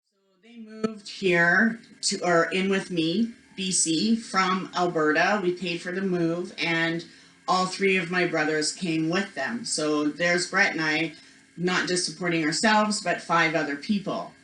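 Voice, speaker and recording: A woman's voice: fairly low pitch, steady tone, a little slow, a bit bright. A woman presenting a spiritual workshop, telling a personal story in a chatty way, full of "like" and "you know", acting out the voices of the people in it. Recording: echoey room.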